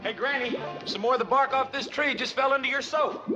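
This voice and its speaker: A dim, eager young hillbilly, hollering with a rural Southern twang. His voice is very high. Loud music and a laugh track fill the dull, muffled audio. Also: brisk.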